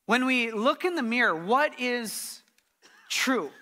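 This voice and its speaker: A man's voice: extremely high pitch, lively intonation, slow pace, bright, forceful tone. A middle-aged man preaching a sermon as pastor, earnest and emphatic, repeating his key phrases.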